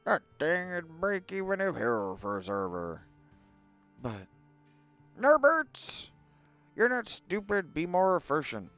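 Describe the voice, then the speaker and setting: A mumbling cranky old captain. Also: male voice, high voice, wildly swooping pitch, takes it slowly, pauses often, soft background music, voice pushed up, full character voice. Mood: scolding. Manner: mumbled slurred words as if around a cigar; loud, bossy, cursing. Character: gruff old male rocket captain, cranky.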